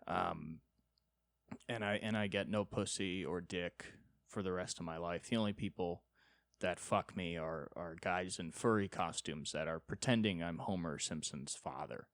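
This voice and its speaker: Low-voiced man ranting comically. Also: a little slow, no echo. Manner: rambling, profane, self-deprecating. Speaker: podcast host, comedian. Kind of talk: solo comedic storytelling.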